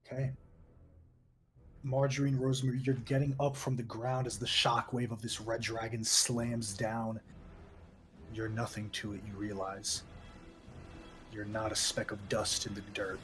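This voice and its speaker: A man narrating a tabletop game as game master in a descriptive, measured storytelling manner. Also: fairly low pitch, little pitch movement, fairly bright tone, soft background music.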